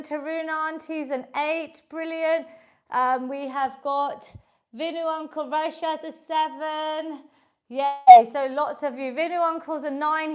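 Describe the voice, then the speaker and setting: High-voiced woman leading a workout. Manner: encouraging, coaching through moves while exercising. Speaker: fitness instructor. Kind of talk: live online workout class instruction.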